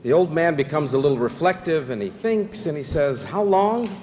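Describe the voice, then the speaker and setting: Joke-telling banquet emcee, slightly high. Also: male voice, fairly quick, darkish tone, big-room sound, highs cut off, a little hiss or hum. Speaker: master of ceremonies. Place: banquet hall.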